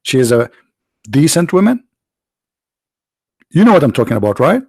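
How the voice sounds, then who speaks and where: Hoarse, gravelly man taunting rivals. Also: medium pitch, big pitch swings, normal speed, pauses often, darkish tone, dry recording. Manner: mocking, taunting, full of rhetorical questions. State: hoarse, losing his voice. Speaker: host of a live online debate stream. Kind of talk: combative religious polemic commentary.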